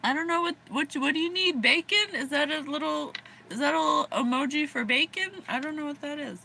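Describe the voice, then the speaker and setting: A woman's voice: high-pitched, brisk, bright, forceful tone, slight background noise. An American woman giving a casual livestream psychic reading, bubbly and rambling, often giggling. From USA. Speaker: psychic reader.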